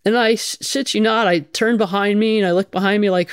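A woman's voice: medium pitch, fairly even intonation, fairly quick, hardly any pauses, smooth, no echo, clean studio sound. A middle-aged woman, a firefighter, telling her story frankly in an interview, swearing casually and restarting her sentences often. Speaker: guest, firefighter.

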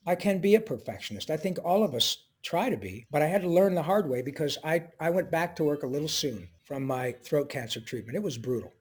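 A middle-aged voice actor, guesting on an interview, tells personal stories with feeling and jumps into quick impressions of the people he quotes. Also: a little high, husky. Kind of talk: emotional interview storytelling.

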